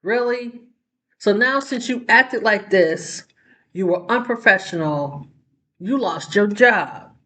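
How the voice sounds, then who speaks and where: A woman's voice: medium pitch, animated, slow, a bit bright. A woman talks through her own vlog in an easy, conversational way, as if speaking to a friend. She keeps asking rhetorical questions and leans on "like" and "you know" between thoughts. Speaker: vlog host. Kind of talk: casual commentary chat.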